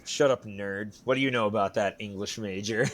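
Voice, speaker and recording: A man's voice: lowish voice, steady tone, moderate pace. A man co-hosting a podcast, bantering casually with dry, teasing jokes and swearing. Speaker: podcast co-host. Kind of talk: casual chat.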